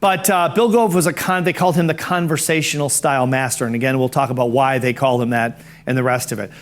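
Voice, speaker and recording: Talking fast in a steady, medium-pitched voice, a middle-aged man tells anecdotes while teaching a speaking course. His conversational delivery is full of repeated words and restarted phrases.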